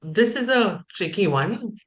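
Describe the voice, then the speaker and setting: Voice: medium pitch, slow pace. A host welcoming participants to an online training session and leading a group game over a video call. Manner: upbeat, energetic, leads a group game.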